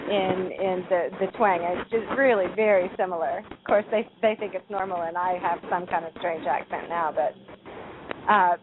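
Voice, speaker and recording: A bubbly woman with a Southern Illinois twang chats and laughs easily as a co-host. Her voice sits at an ordinary pitch and comes over a tinny phone line. A faint hiss runs behind her. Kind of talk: casual chat on an internet radio show. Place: outdoors at night.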